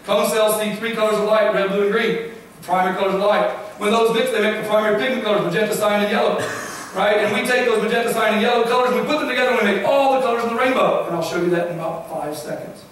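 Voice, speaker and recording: A middle-aged man, a guest speaker, gives a lively science talk to a congregation and keeps quizzing them with "okay?" and "right?". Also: high-pitched, quick pace, a little hiss or hum. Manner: questions the audience often, with frequent "okay?" and "right?". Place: church hall. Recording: very echoey hall, from far off.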